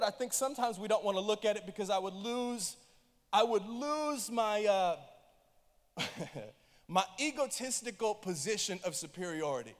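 A high-pitched male pastor delivering an impassioned sermon, his voice swinging from quiet, intimate asides to loud bursts. He sounds middle-aged. A long reverb trails each phrase, as in a large church hall. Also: expressive, moderate pace. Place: church auditorium.

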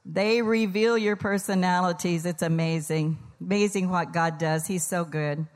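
A woman's voice: fairly low pitch, steady tone, measured pace, long reverb tail. Older woman preaching with folksy humor. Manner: folksy, joking, storytelling with quoted voices. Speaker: guest speaker at church, pastor's wife's mother. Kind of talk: humorous Mother's Day sermon. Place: church sanctuary.

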